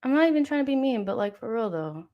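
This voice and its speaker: A young woman hosting a live football watchalong, reacting with exasperation and yelling at the referee and players. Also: a little high, big pitch swings, fast talker, lo-fi sound.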